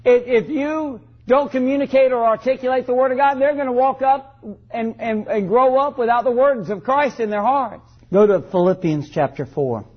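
A man with a high, husky voice preaches a sermon in church, reading scripture aloud and firing questions at the congregation for them to answer. The recording is dull and lo-fi. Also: normal speed. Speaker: pastor. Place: church service.

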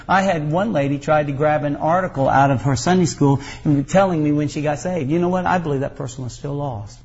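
Man, pastor preaching, folksy and emphatic, high-pitched, muffled lo-fi sound. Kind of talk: sermon.

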